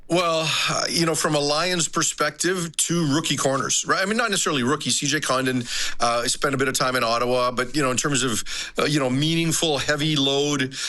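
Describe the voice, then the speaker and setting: Bright-voiced chatty male sports analyst. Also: medium pitch. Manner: chatty, peppers talk with "right?" and "you know". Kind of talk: casual sports talk.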